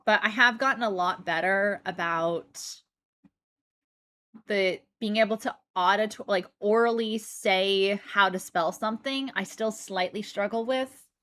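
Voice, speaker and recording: An American-accented woman with a faint British lilt streams casually, her talk unhurried and rambling. She chats to her viewers and thanks them as she goes. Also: mid-range voice, a bit bright. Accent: American with slight British influence. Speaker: Twitch streamer. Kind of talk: casual live-stream chat.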